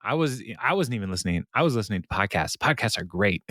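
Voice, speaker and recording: A male podcast co-host recaps a sitcom episode in casual chat, his lowish voice swinging widely in pitch at a quick pace with a sharp tone. He rambles, uses lots of fillers, and laughs often, recorded in studio quality with no room sound.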